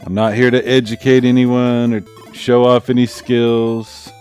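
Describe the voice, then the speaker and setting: A man's voice: mid-range voice, little pitch movement, unhurried, a little mellow, smooth. A middle-aged man streaming a game in casual chat, laid-back and chuckling at himself. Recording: faint game music behind.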